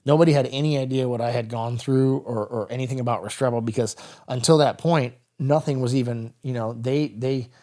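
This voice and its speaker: A man's voice: mid-range voice, steady tone, brisk, few pauses, mellow. Candid man telling war stories. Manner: candid, rambling, with frequent "brother" and "dude". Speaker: podcast guest, military veteran. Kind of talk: casual storytelling interview.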